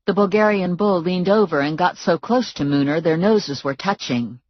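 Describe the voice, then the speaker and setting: A woman narrating a first-person audiobook in a brisk, wry storytelling manner. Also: lowish voice, no echo, muffled recording.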